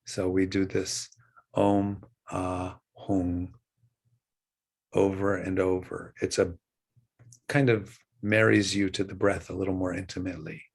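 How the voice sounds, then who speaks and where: An older man in his sixties guides a breath meditation as a teacher, calm and gentle with long pauses. His voice is very deep and slow, with a husky, slightly gravelly texture.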